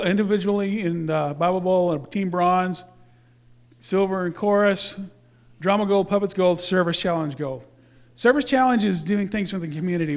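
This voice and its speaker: A man speaking casually to a church congregation, presenting youth awards in a rambling way with fillers and self-corrections. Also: high-pitched.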